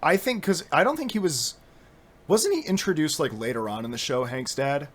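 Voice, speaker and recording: A man hosting a podcast in casual chat, animated and giggly, rambling between thoughts. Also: a little high, moderate pace. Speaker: podcast host.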